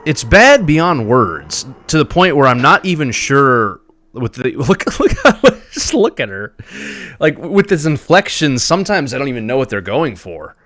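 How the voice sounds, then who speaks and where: A man streaming a game live, giving animated, mocking commentary with laughs. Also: medium pitch, unhurried, no echo.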